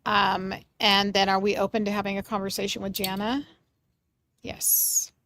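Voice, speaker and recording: A woman hosting a live mediumship reading for her chat, gentle and reassuring, searching for words with many pauses and fillers. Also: medium pitch, flat delivery, slight background noise. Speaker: medium and livestream host.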